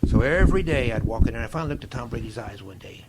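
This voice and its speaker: An older man, a guest in an interview, telling stories in a folksy, animated way, with a gravelly, husky voice. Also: mid-range voice, rapid-fire, heavy background noise. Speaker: interview guest, longtime equipment manager. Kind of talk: storytelling in a conversation.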